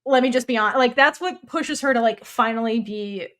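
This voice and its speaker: A woman co-hosting a podcast, casually recapping a TV episode in an animated way, swearing freely and acting out the characters' lines. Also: fairly high pitch, moderate pace. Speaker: podcast co-host.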